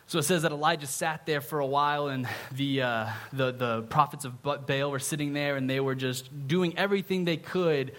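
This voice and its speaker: A man's voice: fairly high pitch, fairly even intonation, moderate pace, hardly any pauses, a bit bright. A man preaching a casual sermon in a conversational way, often checking in with his listeners. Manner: conversational, often adds a questioning "right?".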